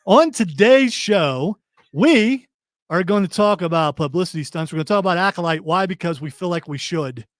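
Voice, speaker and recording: A man's voice: high-pitched, lively intonation, dry recording, studio quality. A man from Ohio hosting a radio talk show, joking through casual banter with his co-host. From Columbus, Ohio. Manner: joking, quick back-and-forth.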